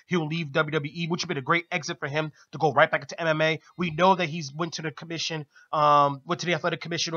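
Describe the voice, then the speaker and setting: A man's voice: a little high, sharp tone, highs cut off. A man co-hosting a radio talk show, recapping wrestling in a casual, enthusiastic way and laughing often. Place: radio studio.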